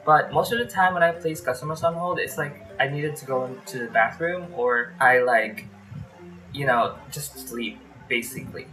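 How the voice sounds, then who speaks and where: A man's voice: medium pitch, moderate pace, sharp tone, faint music behind, low-quality recording. A man from the Philippines vlogs about his call center days from his small bedroom, a fan humming nearby. He talks in a loose, chatty way, full of fillers, and acts out his phone calls as he goes. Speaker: vlogger. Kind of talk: casual storytelling vlog.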